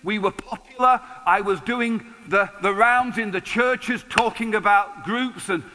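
A pastor in his sixties giving a lively, conversational sermon with touches of humor. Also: high voice, measured pace, noisy background. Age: 60s. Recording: long hall reverb.

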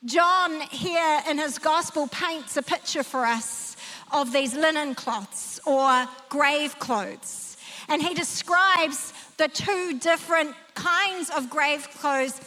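Bright-voiced woman preaching in a reverberant hall. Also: slow. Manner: emphatic, vivid storytelling with sweeping pitch. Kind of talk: sermon. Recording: long reverb of a large hall.

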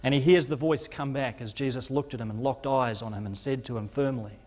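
A man's voice: medium pitch, fairly even intonation, fairly quick, a little mellow, big-room sound. A male preacher telling a story as a sermon, vivid and dramatic, rising and falling in intensity with occasional stumbles. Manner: vivid retelling that rises and falls in intensity, with stumbles.

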